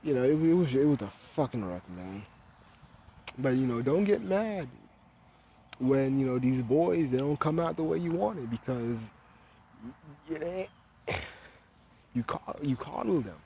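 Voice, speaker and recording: Mellow-voiced man ranting bluntly. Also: mid-range voice, animated, measured pace, creaky, pauses often, muffled recording, slight background noise. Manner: blunt, profane, heated ranting. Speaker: vlogger. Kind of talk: casual opinion monologue.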